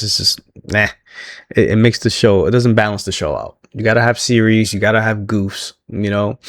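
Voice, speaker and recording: A man casually recapping a wrestling show, laughing often and quoting the wrestlers in an animated way. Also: on the low side, dry recording. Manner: laughs often, animated retelling with quoted voices.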